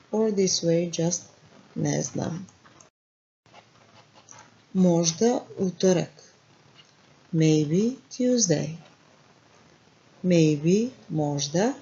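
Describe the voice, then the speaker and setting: A woman with a Montenegrin accent teaching a language lesson, repeating words slowly and quizzing the listener. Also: fairly low pitch, warm tone, highs cut off.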